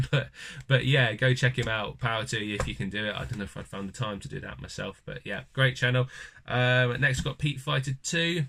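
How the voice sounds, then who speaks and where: A man talking through a casual gaming vlog in a slightly low voice with a bright, forceful edge. He rambles easily, filling gaps with ums as he goes. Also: creaky. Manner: rambling with many ums, easygoing shout-outs. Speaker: gaming channel host.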